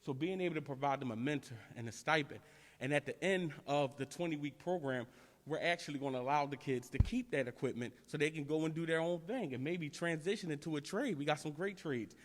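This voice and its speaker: A middle-aged man with a Philadelphia accent, a community nonprofit director giving a steady, plainspoken statement at a press conference. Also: fairly high pitch, brisk. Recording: long reverb in a large room.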